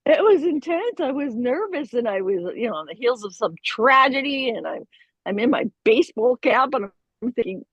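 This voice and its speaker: A middle-aged woman guest telling a story in a casual, animated way, with lots of laughs and fillers. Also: on the high side, moderate pace, husky, no echo, dull audio. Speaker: voice actor guest.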